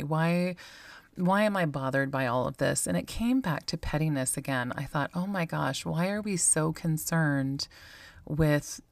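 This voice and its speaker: A woman's voice: sits low, no room sound. A woman hosting a solo podcast, a mother talking candidly and reflectively in a conversational way. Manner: candid, musing, conversational, with frequent ums and likes.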